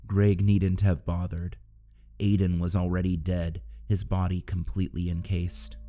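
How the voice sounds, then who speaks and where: A male narrator reads a dark tale in a steady, subdued way. His voice is low, mellow and fairly flat, with faint music underneath. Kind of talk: scripted audiobook narration.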